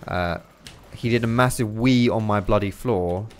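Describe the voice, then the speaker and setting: A young man giving casual, swearing gameplay commentary, chatty and quick to laugh. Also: lowish voice. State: out of breath. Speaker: gaming commentator.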